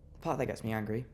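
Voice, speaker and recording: A man's voice: mid-range voice, darkish tone, slight background noise. A young man venting his anger in a fan reaction rant, fuming and repeating himself as he vents. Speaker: football fan vlogger.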